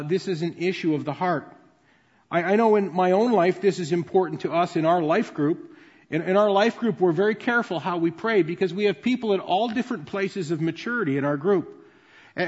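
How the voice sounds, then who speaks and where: A man's voice: high voice, breathy edge. A man preaching a sermon as pastor, explaining points in a conversational teaching manner. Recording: dull sound with long reverb in a large hall.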